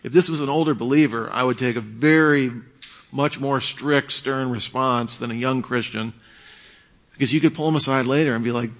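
Man, mid-pitched, casual instructor on leading discussions, acts out quiet calm replies. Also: moderate pace. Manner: acts out quoted exchanges, drops to a hush for calm replies. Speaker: teacher on leading church discussions.

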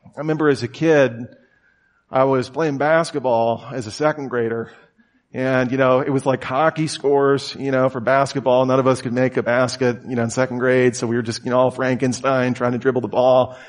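A man's voice: flat delivery, moderate pace. A man preaching a conversational sermon, telling stories casually with lots of fillers and acting out quotes. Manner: casual and storytelling, many "you know" and "like" fillers; acts out quoted voices with sudden high shouts. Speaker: pastor.

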